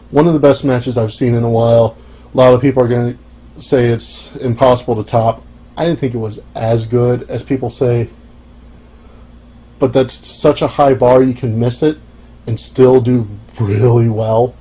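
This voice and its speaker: A young man hosting a solo podcast, talking casually in a dry, offhand, wry way with frequent pauses. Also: mid-range voice, dark tone, rough recording. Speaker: podcast host.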